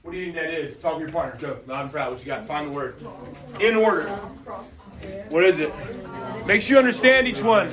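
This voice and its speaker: A male teacher giving an energetic, slangy classroom lecture and calling on students. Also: a little high, fairly quick, long pauses, recorded from a distance, a crowd in the background. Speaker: high school history teacher.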